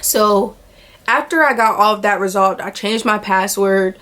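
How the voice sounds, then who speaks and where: A young woman vlogger tells a casual storytime at a measured pace in a medium-pitched voice. She retells it animatedly, acting out the voices of the people involved and often saying "like."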